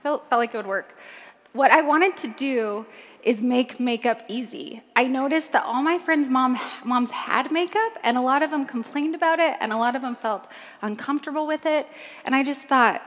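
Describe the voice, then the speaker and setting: A woman's voice: high voice, normal speed, in a large hall. A woman on stage giving a personal talk to a crowd, chatty with many ums, her voice a little cracked from screaming. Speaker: keynote speaker, founder of a makeup line.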